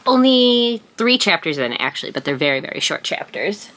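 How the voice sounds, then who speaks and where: A woman's voice: medium pitch, big pitch swings, moderate pace, a bit bright. A young woman in her twenties filming a casual reading vlog at home, gushing about books and talking to her pet now and then. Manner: gushing, talks to her pet mid-sentence. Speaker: book vlogger. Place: at home indoors.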